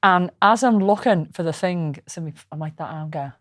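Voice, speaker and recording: A woman's voice: lowish voice, quick pace, no room sound, studio quality. A woman co-hosting a podcast in casual, rambling chat, swearing freely. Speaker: podcast co-host.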